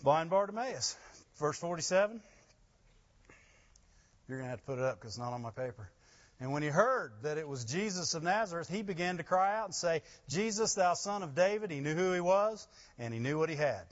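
A man preaching a sermon, rising to loud emphasis with laughing asides. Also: a little high, lively intonation, fairly quick, lo-fi sound. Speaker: pastor.

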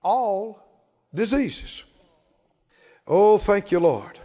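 A man preaching a sermon as pastor, leading the congregation in call-and-response and building to emphatic shouts. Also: sits high, expressive, extremely slow. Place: church sanctuary. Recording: reverberant hall, dull lo-fi sound.

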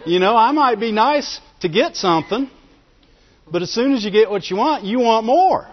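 A pastor with a very high male voice and lively intonation preaches at normal speed in a conversational style, laughing a lot and calling for amens. The recording is dull and lo-fi, set in a reverberant hall.

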